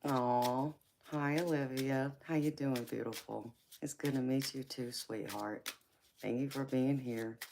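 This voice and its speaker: A woman with a Southern Georgia accent chats slowly and fondly with livestream viewers. Her voice has a gravelly, fry-laden texture. Steady background noise sits behind it, and cards shuffle now and then. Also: rumbling low. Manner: affectionate, calls viewers honey and sweetheart. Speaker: tarot reader hosting a livestream. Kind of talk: casual livestream chat.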